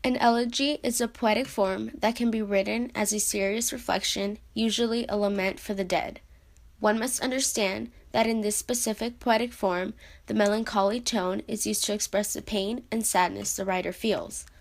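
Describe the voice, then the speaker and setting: A woman's voice: mid-range voice, steady tone, moderate pace, gravelly. Young woman reading a class presentation. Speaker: student presenter.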